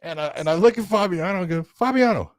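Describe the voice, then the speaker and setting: A man casually telling a story as a podcast co-host, animated and acting out quotes with laughter. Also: sits high, rapid-fire, no echo.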